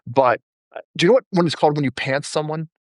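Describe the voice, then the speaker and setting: Quick guy podcast host, lively stories, does little voices for people, dry studio sound. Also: on the high side, no echo. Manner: animated, acts out quoted people in his stories. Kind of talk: casual storytelling interview chat.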